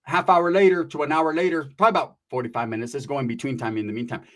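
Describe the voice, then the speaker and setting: A man's voice: mid-range voice, steady tone, rapid-fire, a bit bright. A young man telling a crude, slangy comic story, tagging lines with "right?".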